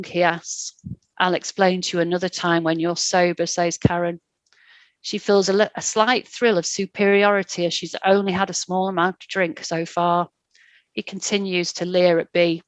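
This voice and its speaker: A woman reading her own short story aloud in a calm, measured way. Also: fairly low pitch, no echo.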